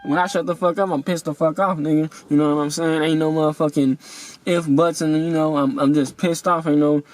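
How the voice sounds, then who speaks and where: A man's voice: fairly high pitch, fairly even intonation, fairly quick, noisy background. A young man telling a story in a casual vlog rant, rambling and profane, with many fillers and heated outbursts. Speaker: vlogger.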